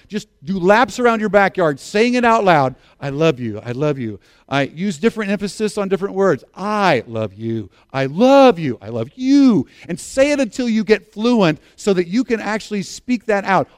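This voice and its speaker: High-voiced man preaching a sermon. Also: dry recording, clean studio sound. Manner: earnest, repeats key phrases, asks congregation to respond. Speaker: pastor.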